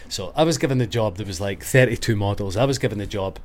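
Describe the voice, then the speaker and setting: Scottish male podcast guest, low-ish voice, rambling sweary storyteller. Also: fast. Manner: animated, sweary, full of filler words. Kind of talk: casual storytelling.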